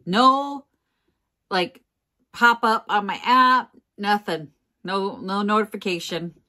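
A middle-aged woman reselling vintage goods, telling a story in a casual vlog with animated, self-mocking energy and frequent laughs. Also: medium pitch, slow.

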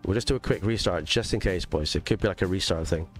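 A rambling, chatty man with a mixed English and Scottish accent hosts a live gaming stream, his voice sitting low. He talks straight to his chat with plenty of ums and asides. Faint music plays underneath. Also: fast talker.

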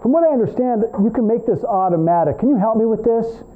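Man putting on a silly country drawl, folksy fake hillbilly, high voice, tinny lo-fi sound. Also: animated, fast talker. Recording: tinny, phone-like classroom recording.

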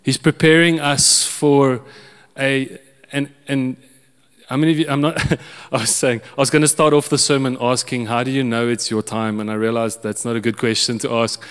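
A man's voice: mid-range voice, level tone, moderate pace, a bit bright, clean tone, long reverb tail. A man preaching a sermon, telling a personal story with many restarts and chuckles. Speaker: pastor.

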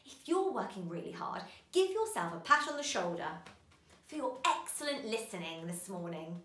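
A woman teaching a children's phonics lesson, animated and encouraging, stretching out sounds slowly. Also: mid-range voice, echoey room.

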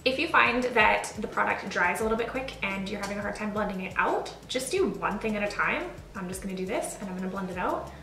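A woman's voice: mid-range voice, lively intonation, brisk, sharp tone. Woman, makeup tutorial vlogger, casual chatty delivery, echoey room, distant mic. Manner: chatty and self-deprecating. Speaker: beauty vlogger. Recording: roomy, distant mic, faint music.

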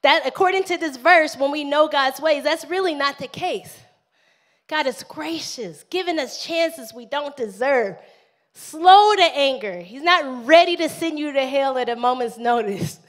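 Woman, pastor, high-pitched, animated live sermon, call-and-response. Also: measured pace. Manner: animated preaching, calls for amens, acts out prayers.

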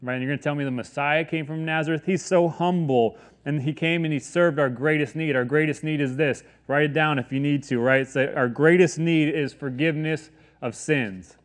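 A man's voice: on the high side, a little fast, hardly any pauses. A young adult man preaching a sermon as pastor, in a casual, conversational way with many asides.

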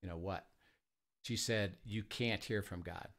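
A man who leads a ministry tells stories in a conversation, halting often with fillers and restarts and acting out the quoted dialogue. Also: on the low side, fairly bright tone. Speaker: ministry leader. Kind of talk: conversational storytelling.

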